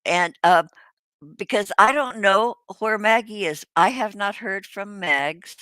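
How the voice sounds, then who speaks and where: An older woman hosting a casual livestream chat, rambling and halting with many fillers, restarts and the odd swear word. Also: medium pitch, bright, forceful tone, clear, resonant tone, dry recording. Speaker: host.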